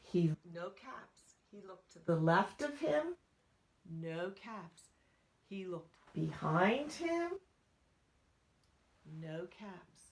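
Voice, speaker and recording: Lively woman reading a picture book aloud. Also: mid-range voice. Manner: asks listeners questions, drops into whispered asides. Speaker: storyteller reading to children.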